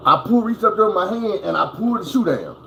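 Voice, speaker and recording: A man's voice: sits high, expressive, fairly quick, vocal fry, a bit bright, slight background noise. A man telling a personal story at home, casually and profanely, acting out crashes and sounds as he goes. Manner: profane, vivid, acts out sounds. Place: at home indoors.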